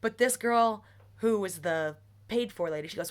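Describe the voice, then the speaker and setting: A woman's voice: medium pitch, normal speed. A young woman venting to her phone camera in a rambling, heated monologue, swearing freely. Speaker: vlogger.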